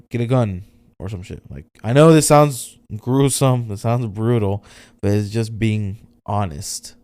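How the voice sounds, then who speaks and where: A young man hosting a solo podcast, speaking candidly in a halting, emotional way, near tears and swearing often. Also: fairly low pitch, a little mellow, clear, resonant tone, no room sound. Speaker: podcast host.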